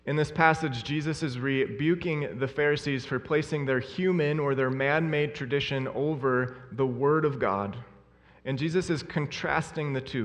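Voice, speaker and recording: A man preaching a sermon in an earnest, emphatic way, repeating his key phrases. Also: on the high side. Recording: long hall reverb.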